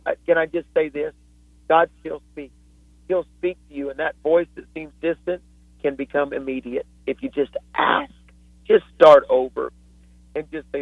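A man's voice: a little high, fairly even intonation, moderate pace, no echo. Fervent preacher man on a phone line. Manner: fervent, earnest, storytelling. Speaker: guest author and preacher. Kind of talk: impassioned preaching on a talk show. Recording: dry tinny phone line.

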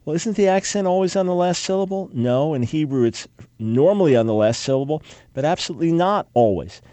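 In a lecture-style talk, a Semitic languages PhD explains the evolution of Hebrew words and names, his fairly high voice warm and expressive with no room sound. The Bible scholar argues emphatically, quickly mocking rival claims by quoting their objections.

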